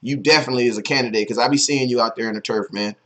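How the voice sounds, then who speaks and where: A man's voice: mid-range voice, very fast, fairly bright tone, rough recording. A man hosting a live sports talk stream, chatting casually in slang and greeting viewers one by one by name.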